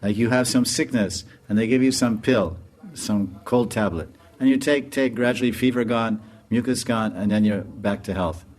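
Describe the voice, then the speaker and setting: A man, a swami, giving a storytelling lecture in an animated way and laughing often. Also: on the low side, normal speed.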